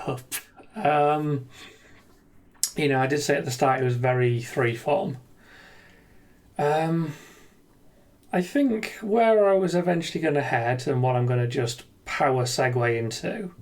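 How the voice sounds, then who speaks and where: A man talking through an unscripted, reflective video monologue, hesitant and earnest, with lots of ums and restarts. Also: fairly high pitch. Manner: earnest and self-deprecating. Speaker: gaming video creator.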